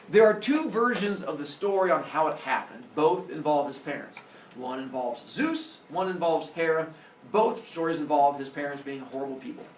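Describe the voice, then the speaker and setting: A man teaching a class, telling myths in a jokey, animated way. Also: a little high, a little hiss or hum. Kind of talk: classroom lecture, storytelling. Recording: roomy echo, distant mic.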